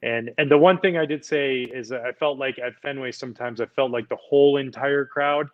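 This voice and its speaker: A man in his forties, a podcast guest, telling relaxed, rambling stories with lots of fillers. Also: mid-range voice, brisk, dull audio. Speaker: podcast guest, former pitcher. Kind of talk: casual storytelling chat.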